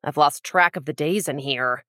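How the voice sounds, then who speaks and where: A woman's voice: low voice, normal speed, a bit bright, no room sound. A woman playing a bored, sardonic female knife-thrower in an improvised tabletop role-play. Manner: dry and sardonic.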